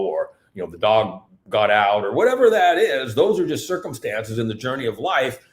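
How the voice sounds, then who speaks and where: At a festival, a seminar speaker gives a live talk in a mid-range voice that echoes around the room. His animated delivery is emphatic and repetitive as he drives his points home.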